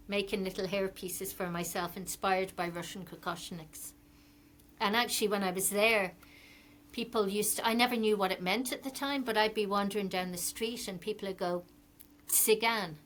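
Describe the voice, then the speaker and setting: A woman's voice: mid-range voice, fairly even intonation, moderate pace, fairly bright tone. A middle-aged Irish woman, a fashion designer, chatting as a podcast guest and telling rambling stories with many ums. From Ireland. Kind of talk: casual interview chat.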